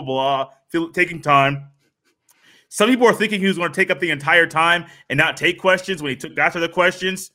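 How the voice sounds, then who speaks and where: High, bright-voiced opinionated man. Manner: opinionated, emphatic. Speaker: sports podcast co-host. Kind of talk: casual sports talk commentary.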